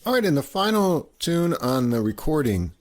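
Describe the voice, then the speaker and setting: A man's voice: on the high side, very animated, normal speed. A man hosting a music podcast, interviewing band members in a casual, friendly way. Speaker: podcast host.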